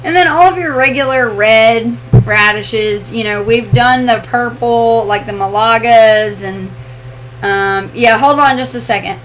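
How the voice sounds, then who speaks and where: Slow-talking woman with a higher voice. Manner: easygoing, laughs often. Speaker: co-host of homestead channel. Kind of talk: casual live Q and A chat.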